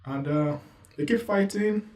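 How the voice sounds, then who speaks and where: A man's voice: high-pitched, measured pace, darkish tone, reverberant, far from the mic, rough recording. A man giving casual commentary as a manga reviewer, rambling loosely with lots of asides. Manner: rambling, loose, full of "you know" asides.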